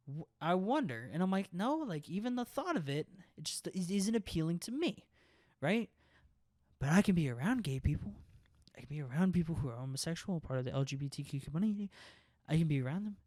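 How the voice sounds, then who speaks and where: A young man co-hosts a podcast in a fairly high, slightly mellow voice, recorded clean in a studio with no room sound. He rambles casually, swears a lot, and keeps dropping "like" and "right?" into his speech.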